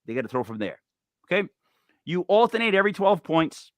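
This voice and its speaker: A man hosting a talk show, rambling and joking in an animated, digressive way. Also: sits high, fairly quick, no room sound, studio quality. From Italian-American. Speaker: podcast host.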